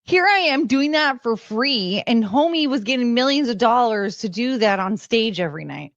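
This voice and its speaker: A woman's voice: on the high side, animated, moderate pace, no echo, lo-fi sound. Tired, chatty woman hosting a stream. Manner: chatty and self-mocking, laughs often. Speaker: livestream host. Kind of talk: casual rambling chat to viewers.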